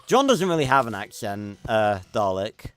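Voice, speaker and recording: A man's voice: fairly low pitch, very animated, normal speed, fairly bright tone, clean tone, soft background music. A man livestreaming a game, chatting casually and rambling with lots of fillers and restarts. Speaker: streamer. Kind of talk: casual gameplay livestream chat.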